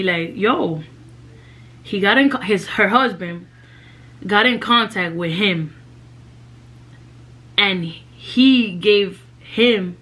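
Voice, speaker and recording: A woman's voice: medium pitch, fairly bright tone. A young woman, telling a personal story in a casual, slangy vlog and dropping in Spanish phrases.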